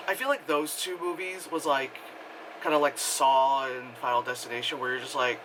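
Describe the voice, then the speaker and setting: A man giving a casual spoken movie review, rambling and excitable, full of fillers and acted-out quotes. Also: mid-range voice, a little fast, noisy background.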